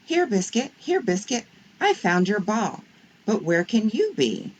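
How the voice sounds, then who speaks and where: A woman's voice: mid-range voice, sing-song, a little slow, slightly rough, highs cut off, voice pushed up. A woman voicing a cheerful little girl who calls for her puppy in a sing-song way in a storybook read-aloud. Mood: calling. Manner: bright calling, sing-song.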